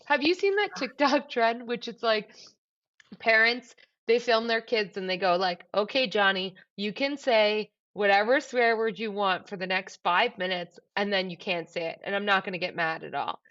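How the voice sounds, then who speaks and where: A woman co-hosting a podcast in casual chat, animated and laughing often, swearing freely. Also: mid-range voice, normal speed, lo-fi sound. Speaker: podcast co-host.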